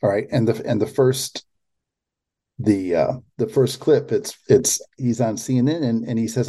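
A man with a mid-range, sing-song voice that's mellow and husky hosts a political commentary podcast. He sounds incredulous and speaks haltingly, frequently starting his sentences over.

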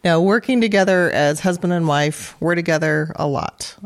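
A woman's voice: lowish voice, moderate pace. A woman talking casually as a guest in an interview. She runs a company with her husband and speaks candidly, with light jokes and a chatty manner. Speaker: guest, business co-owner.

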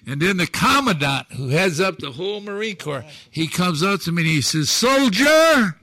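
A man in his sixties telling stories as a talk show guest, acting out dialogue with shouted quotes and emphatic delivery. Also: on the high side, lively intonation, fairly quick, no room sound. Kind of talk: animated storytelling on a talk show.

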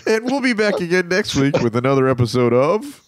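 A man's voice: a little high, big pitch swings, brisk. A man co-hosting a podcast, chatting casually and joking with loose, trailing sentences. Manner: laid-back, joking, trailing off. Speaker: podcast co-host. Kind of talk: casual chat.

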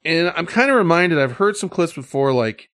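A podcast host chats casually in a fairly high, fairly bright voice with big pitch swings at normal speed, recorded in studio quality with no echo. He rambles as he sets up stories, leaning heavily on fillers.

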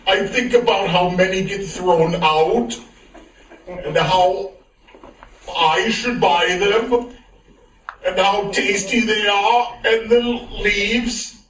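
A man's voice: high-pitched, fairly even intonation, extremely slow, long pauses, fairly bright tone, heavily acted. A man playing a nervous rambling manager. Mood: giddy. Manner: rambling, giggly, keeps apologizing. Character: nervous awkward male night shift supermarket manager. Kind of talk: comedic web video monologue. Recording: echoey room played from far off, faint noise.

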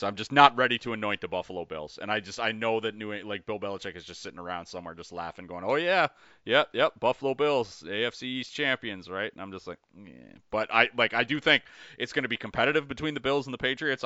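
Animated low-voiced man talking sports bets. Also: quick pace, no room sound, highs cut off. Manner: animated, restarts often, thinks aloud. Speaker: podcast co-host. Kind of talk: casual sports betting chat.

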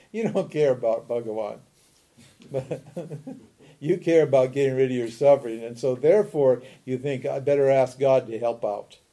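Here a man with a dark tone and medium pitch teaches on scripture as a spiritual guide. Rhetorical questions pepper his talk, along with a quick "huh?" and frequent chuckles as he explains things.

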